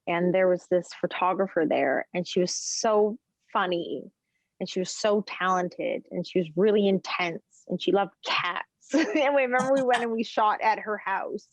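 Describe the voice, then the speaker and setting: Woman podcast guest, chatty, rambling storyteller, laughs often, mid-pitched voice, dry and dull recording. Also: no room sound. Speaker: podcast guest, chef and food journalist. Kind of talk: casual podcast chat.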